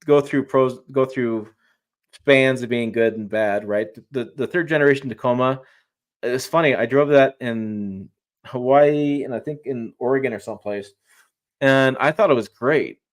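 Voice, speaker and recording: A man with an ordinary mid-pitched voice talks in a loose, rambling way, full of restarts and false starts. He sounds eager and chatty, like a guest on a casual livestream who could go on for hours. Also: normal speed. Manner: rambling, restarts often, enthusiastic. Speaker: guest truck reviewer.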